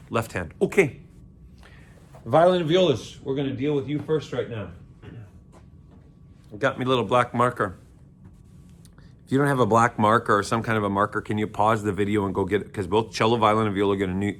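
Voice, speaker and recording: A man's voice: fairly low pitch, brisk, long pauses, a bit bright. Guy teaching kids violin and cello on video, goofy jokes, call and response, orchestra room. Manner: playful, repetitive call-and-response coaching with jokes. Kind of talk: recorded video string lesson for children.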